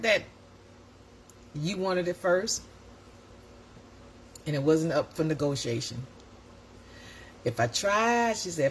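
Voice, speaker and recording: A woman, hosting and telling a story in a casual, animated way, often laughing and acting out voices. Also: medium pitch, slight background noise. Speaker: host.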